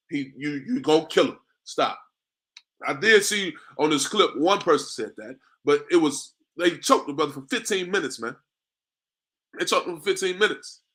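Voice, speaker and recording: A man with a bright, forceful voice set a little high preaches in a loose street-corner style. He speaks, peppers his talk with "man," and slows into a measured cadence when quoting scripture. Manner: conversational, repeats "man" and "you know what I mean"; reads scripture in a slow, drawn-out cadence.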